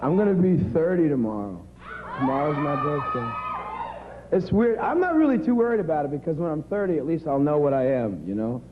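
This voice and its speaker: A man's voice: a little high, very animated, brisk. Wry man in his late twenties, tinny sound. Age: 20s. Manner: wry, self-mocking. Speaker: stand-up comedian. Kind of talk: stand-up joke telling. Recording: thin tinny old TV sound with noise.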